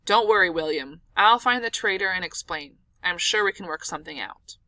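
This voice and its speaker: A woman voicing a big, easygoing father who teases his son calmly. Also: lowish voice, moderate pace, no room sound, rough recording. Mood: amused calm. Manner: calm, amused, teasing.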